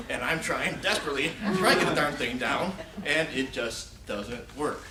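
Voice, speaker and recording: Slow and given to long pauses, a slightly high-voiced man in his forties performs a humorous storytelling speech at a contest, animatedly acting out the scenes and shouted pleas. Noise and echo fill the recording, made in a hall on a distant mic.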